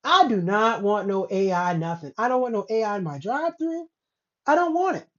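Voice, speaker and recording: A woman's voice: medium pitch, a little fast. Woman ranting bluntly, dull lo-fi sound. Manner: blunt, rambling, profane, animated asides. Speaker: host of a commentary show. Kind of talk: casual ranting commentary. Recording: dull lo-fi recording.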